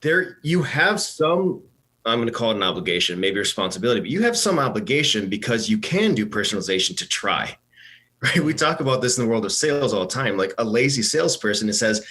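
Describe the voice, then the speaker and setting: A man's voice: mid-range voice, big pitch swings, pushed and bright. A man chatting casually as a podcast guest, telling sales stories with fillers. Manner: talks quickly with fillers, tells anecdotes. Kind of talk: casual conversation.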